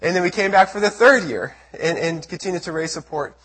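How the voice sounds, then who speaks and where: Man from the United States, missionary testimony sermon, earnest storytelling, husky high voice. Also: lively intonation, a little fast, fairly bright tone. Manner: earnest storytelling, acts out his own prayers and quotes. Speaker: missionary speaker.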